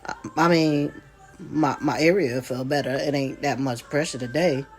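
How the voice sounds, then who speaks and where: A woman's voice: sits low, steady tone, normal speed, faint music behind. A woman vlogger with a congested voice, telling a casual story straight to her viewers with chatty, folksy asides.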